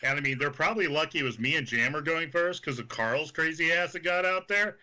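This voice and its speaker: A man's voice: fairly high pitch, fairly quick, a little hiss or hum. A man from Kansas, a wrestler guest, telling profane stories full of quoted voices in casual chat. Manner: animated, swearing anecdotes full of quoted voices.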